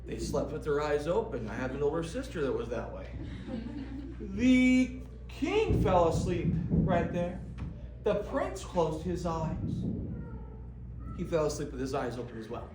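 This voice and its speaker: A woman performing an interactive children's story in a theater, playful and animated, talking directly to the kids. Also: deep voice, unhurried, recorded from a distance. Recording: echoey theater from afar, noisy.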